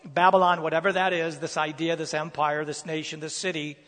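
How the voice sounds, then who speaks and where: A pastor explaining scripture in a sermon, teaching with emphatic stresses. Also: male voice, a little high, level tone, fairly quick, a bit bright, long reverb tail.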